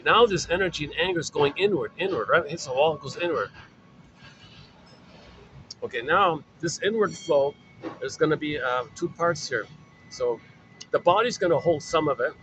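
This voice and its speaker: A man's voice: a little high, sharp tone, a little hiss or hum, poor audio. A man giving an informal spoken lecture, explaining in a repetitive way with many fillers. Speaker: lecturer on psychoanalysis.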